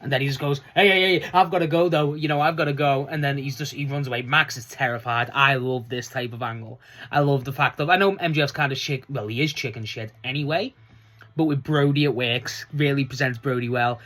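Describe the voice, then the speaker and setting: A wrestling fan reviewing last night's show in a loose, chatty vlog, swearing freely and laughing often, with the voice jumping up high when excited. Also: a little fast. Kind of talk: casual solo review vlog.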